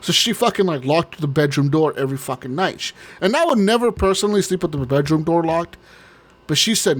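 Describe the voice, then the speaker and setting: A man's voice: a little high, expressive, quick pace. A man co-hosting a podcast, telling a long story in casual chat, rambling, swearing often and laughing. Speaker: podcast co-host.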